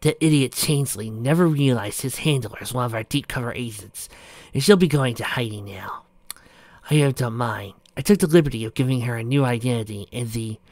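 A man voicing a cold, ambitious woman commander in a quiet, at times hushed voice. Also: medium pitch, a little fast, dry recording, natural voice.

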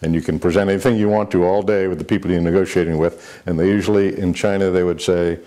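A man's voice: sits low, fairly even intonation, quick pace, mellow. An older man, a former military aide, answering interview questions with rambling anecdotes, many fillers and restarts.

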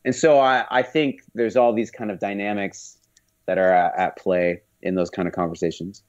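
A man on a podcast as a guest, telling animated stories in casual conversation, with many restarts. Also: lowish voice, moderate pace, dull audio.

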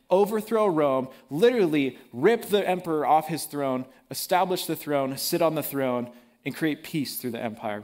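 A man preaching a sermon in a casual, animated way, using everyday slang. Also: a little high.

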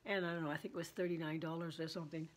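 A woman in her seventies with a husky voice, chatting and laughing as she tells stories to her vlog viewers. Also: deep voice, level tone, very fast. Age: 70s. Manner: chatty, laughs often while telling. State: throat trouble. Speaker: vlogger. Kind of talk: casual storytelling chat.

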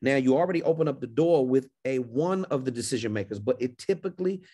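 A man's voice: mid-range voice, lively intonation, quick pace, dark tone, husky. A man coaching a caller on a livestream Q&A, confident and emphatic, often repeating phrases. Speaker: speaking business coach.

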